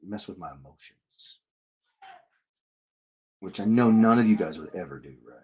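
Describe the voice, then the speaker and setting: A man's voice: sits low, animated, moderate pace, a little mellow, slightly rough. A man in his thirties, an illustrator chatting casually with viewers on a live stream as he draws, joking, rambling and reading comments aloud. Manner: rambling and jokey, reads chat aloud, frequent restarts. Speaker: illustrator streaming while drawing.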